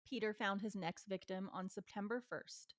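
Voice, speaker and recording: Woman co-host, curious questioner, steady case narration, dry mic. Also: mid-range voice, normal speed, dry recording. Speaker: podcast co-host. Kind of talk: casual true-crime chat and case narration.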